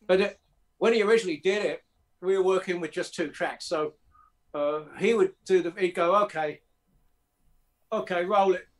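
A man with a slightly high voice recounts his studio days in a relaxed interview. He rambles with fillers and quick restarts as he talks. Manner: anecdotal, acts out quotes, many fillers and restarts. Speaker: record producer guest. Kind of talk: casual interview storytelling.

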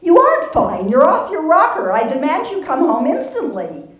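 A woman's voice: mid-range voice, very animated, slow pace, darkish tone, pitched above the performer's own voice. A woman doing a bossy older sister. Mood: insistent. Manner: insistent, scolding. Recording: roomy hall from far off.

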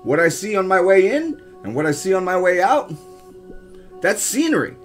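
A man with a slightly raised voice tells his story straight to camera in a loose, chatty way. He is animated and keeps turning to his viewers as "guys". Faint music sits under his talk. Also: high voice, normal speed. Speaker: vlogger and urban explorer.

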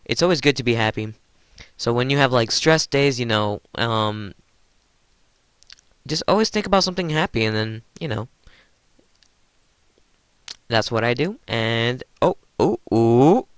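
Giddy stammering man, smooth dry voice. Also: mid-range voice, animated, unhurried, long pauses, fairly bright tone, no echo. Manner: giddy, stammering, keeps addressing viewers as guys. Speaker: gaming channel host. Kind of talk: excited gameplay commentary.

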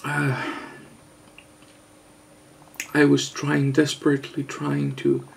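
A man vlogger giving a mock-serious confession, halting and hesitant, earnest and overwrought. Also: fairly high pitch, little pitch movement, vocal fry, slight background noise. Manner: halting, hesitant, with long pauses.

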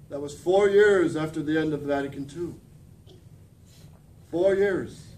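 A man preaching a fervent sermon as a priest, often dropping to a quiet, intense emphasis. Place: church. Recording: distant mic with faint rumble.

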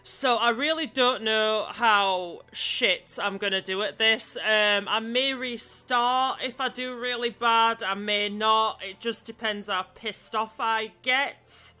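A man giving live gameplay commentary as a let's play gamer, sweary and excitable, yelling at the game. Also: very high-pitched, slight background noise.

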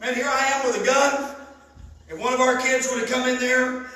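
A man preaching with a high, bright, ringing voice. He tells his stories fervently and breaks into loud emphasis, caught from a distance in a very echoey church hall. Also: flat delivery, normal speed. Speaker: pastor. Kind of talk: sermon. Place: church sanctuary.

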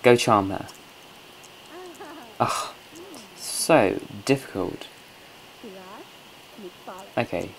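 A man's voice: on the low side, extremely slow, vocal fry, long pauses, noisy background. A man hosting a casual gameplay commentary from home, chatty, coaxing and scolding his game characters. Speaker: let's play host.

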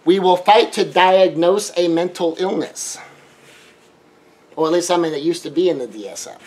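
Middle-aged guy chatting about relationships, kinda high voice, slips into little acted-out bits. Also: moderate pace, darkish tone, breathy edge. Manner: conversational, acts out quoted exchanges in a raised voice. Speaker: relationship teacher. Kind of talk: casual monologue.

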